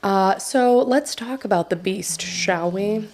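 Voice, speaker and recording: A woman's voice: mid-range voice, slow pace, darkish tone, slight background noise. A woman from the United States casually narrating a true crime case on a podcast, with chatty, self-deprecating asides.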